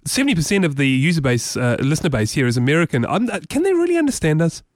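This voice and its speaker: A man with a New Zealand accent hosting a casual tech podcast, talking in an animated, excitable way. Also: fairly high pitch, fast, no room sound, clean studio sound. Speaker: podcast host.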